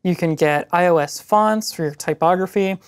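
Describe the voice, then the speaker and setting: A man's voice: high-pitched, moderate pace, smooth. A man co-hosting a casual web tech news show, enthusiastic and easygoing while presenting links. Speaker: co-host.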